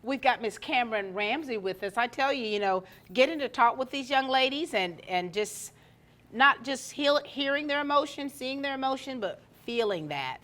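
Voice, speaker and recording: A woman's voice: high voice, expressive, moderate pace, fairly bright tone. A woman interviewing a student for local TV, effusive and encouraging, with rambling, looping questions. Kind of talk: casual interview.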